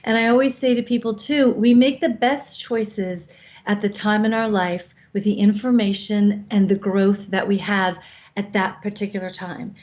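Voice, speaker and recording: A woman's voice: medium pitch, flat delivery, normal speed, darkish tone. A woman over fifty co-hosting a show, giving frank, coaching advice with casual swearing. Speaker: co-host. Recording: slightly dull lo-fi sound.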